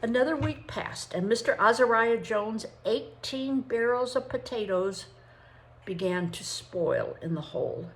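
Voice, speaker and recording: An older woman, a grandmother, reading a chapter of a novel aloud in an expressive way. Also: fairly high pitch, a little slow. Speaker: storybook reader.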